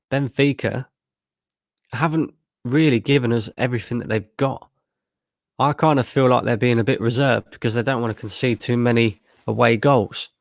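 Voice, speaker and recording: A man's voice: mid-range voice, gravelly, no room sound, studio quality. A man streaming a live match watchalong, tired after a long work shift and bluntly frustrated, swearing freely. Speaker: fan channel streamer.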